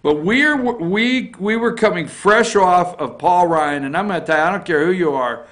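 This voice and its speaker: A man's voice: sits high, moderate pace, fairly bright tone. A man hosting a morning opinion show, giving emphatic political commentary and often checking in with his listeners by asking "okay?" or "all right?". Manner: repeats phrases for emphasis.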